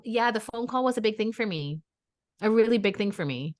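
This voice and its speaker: A woman, co-hosting a podcast and telling dating stories in a lively, chatty way, acting out quotes. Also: mid-range voice, a little fast. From New York area. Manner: animated storyteller, acts out quotes. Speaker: podcast co-host. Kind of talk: casual chat.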